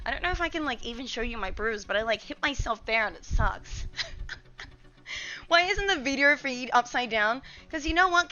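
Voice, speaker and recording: Her voice is slightly high, bright and pushed as she chats away to stream viewers from her home kitchen. She's young, a little out of breath and scatterbrained, rambling casually to chat during a live stream.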